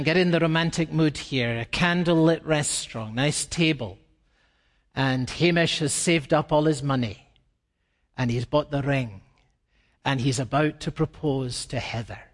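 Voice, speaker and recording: A man preaching a sermon with an expressive delivery that rises to emphatic peaks. His voice sits high, and the recording carries a long reverb from a large hall. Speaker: pastor.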